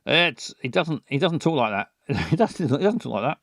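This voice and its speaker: Comedy host, lively voice, unhurried, crude improv chat, dry close sound. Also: male voice, mid-range voice, creaky, dry recording. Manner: crude, rambling, stammering restarts.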